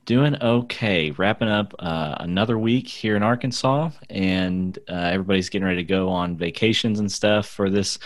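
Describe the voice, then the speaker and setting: A man's voice: low-pitched, moderate pace, few pauses, no room sound. A young adult man hosting a podcast in a casual, easygoing way, laughing often as he chats. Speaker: podcast host. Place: Arkansas.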